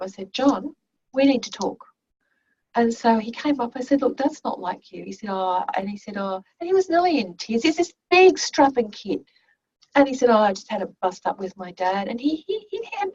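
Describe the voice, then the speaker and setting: A woman teaching an online class, telling classroom stories in a chatty way full of restarts, heard over a video call. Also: fairly high pitch. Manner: anecdotal, conversational, with many restarts. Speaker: teacher educator. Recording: muffled, distant video call audio.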